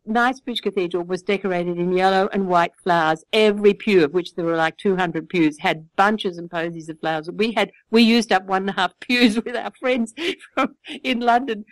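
A woman's voice: mid-range voice, moderate pace, no echo, low-quality recording. An older Australian woman chatting casually, telling a long anecdote with frequent laughter. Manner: chatty, laughs often, animated storytelling.

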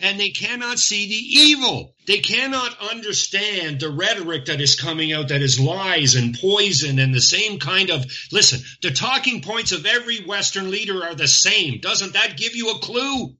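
A man's voice: high voice, animated, normal speed, hardly any pauses, sharp tone. A man who is a guest on a talk show, speaking in a fervent, indignant way and stacking up lists of complaints. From Canada. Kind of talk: impassioned talk-show chat. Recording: dull lo-fi audio.

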